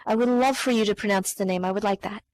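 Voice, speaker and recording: A woman teaching a live online science lecture, chatty and loose, with many ums and quick self-corrections. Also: mid-range voice, a little mellow, a little hiss or hum, rough recording.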